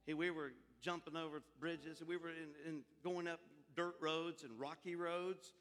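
A male preacher telling a lively, comic story in a sermon, in a large hall with faint music and a long reverb. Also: on the high side, moderate pace.

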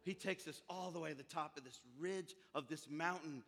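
A man's voice: on the high side, moderate pace. Man telling a sermon story in a hall. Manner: animated, comic storytelling. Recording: faint music, long hall reverb.

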